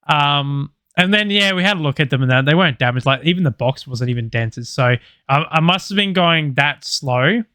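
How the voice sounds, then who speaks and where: A man's voice: on the high side, animated, normal speed, hardly any pauses, pushed and bright, no echo, clean studio sound. Sweary guy telling a story. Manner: loose, sweary storytelling with many fillers. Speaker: podcast co-host. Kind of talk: casual chat, storytelling.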